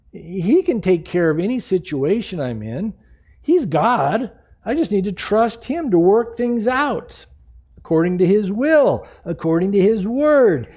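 A man's voice: sits high, darkish tone. A man in his sixties preaching a sermon in a conversational, jokey way, acting out the people he quotes. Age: 60s. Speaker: pastor.

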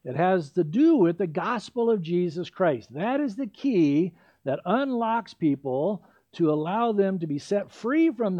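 A man preaching a sermon, telling the story in a lively way with playful asides. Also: sits high, highs cut off.

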